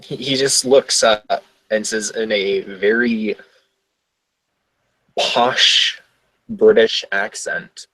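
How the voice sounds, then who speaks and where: A man with a low voice describes his tabletop character in loose, rambling sentences, often correcting himself mid-phrase. The sound is dry and close. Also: steady tone, drawn-out words, long pauses, sharp tone, no echo, rough recording. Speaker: player.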